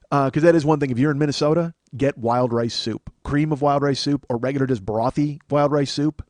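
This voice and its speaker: A man's voice: fairly high pitch, quick pace, hardly any pauses, darkish tone, no room sound. A man in his forties from Chicago, a podcast host riffing through a sarcastic, profane comedic monologue in a small studio.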